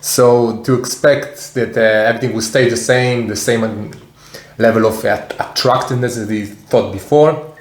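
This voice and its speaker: A man's voice: medium pitch, fairly even intonation, normal speed. Hesitant man talking in a roomy echo. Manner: hesitant, restarts often, opinionated. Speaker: co-host, husband. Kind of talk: casual chat while eating.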